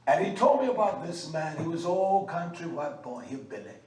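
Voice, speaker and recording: Very animated and on the high side, a man's darkish voice moves at normal speed through a fiery, scolding sermon, heavy on "uh" fillers. He is a religious teacher recorded in an echoey room from a distance, with faint noise behind him.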